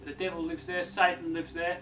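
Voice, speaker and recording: A man putting on a deranged, boastful wannabe bushman with a put-on Australian twang, rambling through tall tales with lots of fillers. The voice sits high for a man, with faint music underneath. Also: little pitch movement, fairly quick, bright, forceful tone. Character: unhinged Englishman faking an Australian bushman, boastful. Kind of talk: mockumentary improvised comedy.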